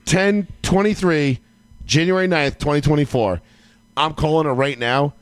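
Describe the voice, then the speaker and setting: A man co-hosting a sports podcast, chatting excitably and emphatically, with some swearing. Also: a little high, normal speed, clean tone, no room sound. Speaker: podcast co-host. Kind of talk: casual sports chat.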